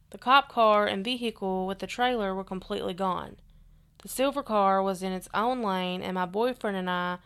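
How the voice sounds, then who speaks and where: A woman reads eerie listener stories aloud on a podcast. Her voice sounds smooth and clear, and her delivery stays steady and earnest. Her pitch sits in the middle range. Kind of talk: reading stories aloud, casual chat.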